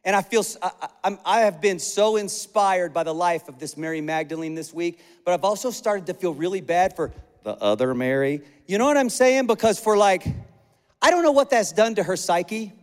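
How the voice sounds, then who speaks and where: A man preaches with a high, ringing voice, moving between easy chat and rising, repetitive emphasis. His words roll out into a large church auditorium, trailing a long hall reverb behind each phrase. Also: moderate pace. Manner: energetic, conversational preaching with repeated phrases. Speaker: pastor. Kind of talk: sermon.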